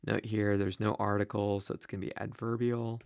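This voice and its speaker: Male teacher, low gravelly voice, slow halting lecture full of ums and uhs, dry close sound. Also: level tone, no echo. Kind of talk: lecture on Greek grammar of a Bible text.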